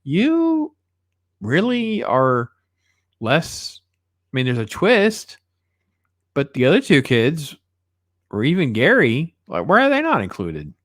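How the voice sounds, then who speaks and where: A man's voice: medium pitch, huge pitch swings, normal speed, dry recording. Sarcastic male film reviewer, dry sound. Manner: sarcastic, exasperated, mocking quoted voices. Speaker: movie reviewer. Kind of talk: casual spoken film review.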